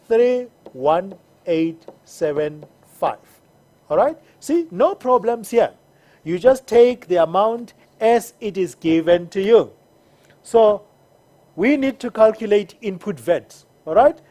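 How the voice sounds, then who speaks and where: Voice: mid-range voice, a little mellow. An accounting teacher giving a recorded lesson, patiently repeating each step and checking in with the learners. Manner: patient, repeats steps and checks in with "all right?".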